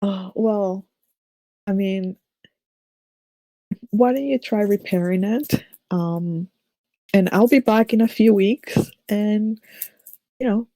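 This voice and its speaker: A woman's voice: mid-range voice, dark tone, no echo, poor audio. Woman player, hesitant and apologetic, dry voice-chat sound. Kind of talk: tabletop game role-play. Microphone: online voice chat.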